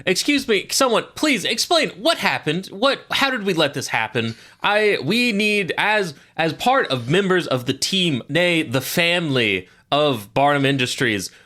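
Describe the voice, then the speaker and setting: A man's voice: mid-range voice, expressive, unhurried, hardly any pauses, bright, forceful tone. A man voicing a pompous, self-important male corporate executive who blusters in corporate jargon. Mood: indignant.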